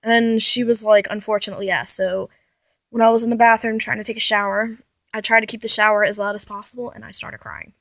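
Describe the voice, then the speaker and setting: Chatty young woman, high dry voice. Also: level tone, a little fast, creaky, a bit bright, no echo. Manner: rambling, restarts and self-corrections, chatty. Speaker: vlogger. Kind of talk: casual personal vlog.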